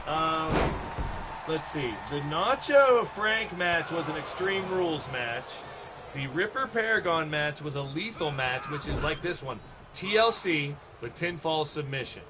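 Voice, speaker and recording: A man doing loose, chatty commentary over a wrestling video game on a live stream, giving shout-outs to his chat. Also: on the high side, animated, measured pace. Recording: noisy game stream with background noise.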